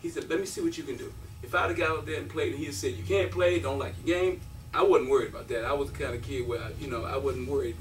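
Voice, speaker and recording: At a breakfast event, a man in his fifties who once played college basketball gives an animated storytelling speech, acting out quotes and laughing often. He talks fast in a mid-range voice. The recording is roomy and distant, with a little hiss or hum.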